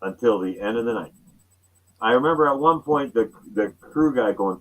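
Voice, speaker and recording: Man, musician guest, casual storyteller, acts out quotes, mid-pitched voice. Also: expressive, moderate pace, poor audio.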